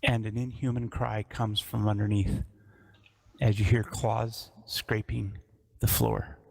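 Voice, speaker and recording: Gravelly-voiced man running a tabletop game. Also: fairly low pitch, little pitch movement, darkish tone. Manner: descriptive, measured narration. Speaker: dungeon master.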